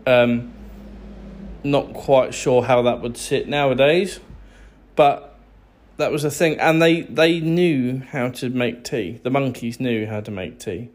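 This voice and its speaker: English man, unhurried sarcastic rant, exasperated asides. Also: mid-range voice, fairly even intonation. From England. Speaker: vlogger. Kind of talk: ranting to camera.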